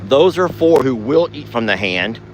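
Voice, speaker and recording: A man hosting a casual ranch vlog outdoors at night, drawling to viewers and cooing in a high sing-song at his cows. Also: big pitch swings, moderate pace, slight background noise. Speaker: ranch vlogger.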